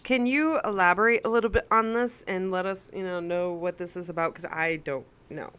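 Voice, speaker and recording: Bright, clear woman hosting a gaming chat. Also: on the low side, fairly quick. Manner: laughs often, steers the talk. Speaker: podcast host.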